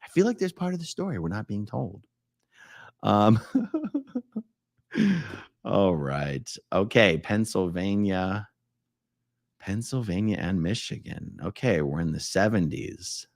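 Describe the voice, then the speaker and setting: A man hosting a casual live stream, his pitch leaping around as he chats and jokes. He reads viewer comments out loud, shifting from loud exclamations to quiet mumbled asides. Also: animated, takes it slowly, long pauses. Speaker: livestream host.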